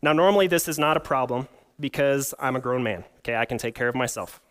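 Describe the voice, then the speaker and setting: A man's voice: medium pitch, quick pace, a bit bright. A young adult man preaching a sermon, mixing scripture reading with a humorous personal story and rhetorical questions. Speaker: pastor.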